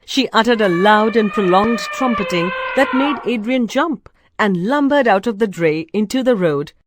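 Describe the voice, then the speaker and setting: A woman narrating a storybook in a measured, expressive way. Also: medium pitch, a little hiss or hum. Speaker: reader.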